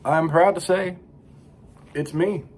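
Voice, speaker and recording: A middle-aged man delivering a crude, rambling comic monologue as a vlog host, profane with deadpan asides. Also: on the high side, slow, slightly rough.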